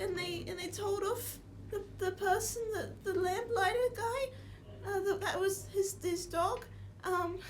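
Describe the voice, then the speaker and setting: A woman's voice: very high-pitched, slight background noise, pitched above the performer's own voice. Woman playing a sobbing little halfling boy. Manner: sobbing, stammering apologies. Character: small scared crying halfling boy.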